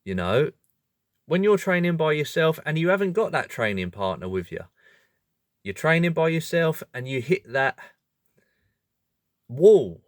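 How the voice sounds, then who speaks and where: Animated man with a lively voice. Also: on the high side, unhurried, pauses often, no echo, studio quality. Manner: animated, self-correcting, laughs often. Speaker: video host. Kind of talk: casual explanatory monologue.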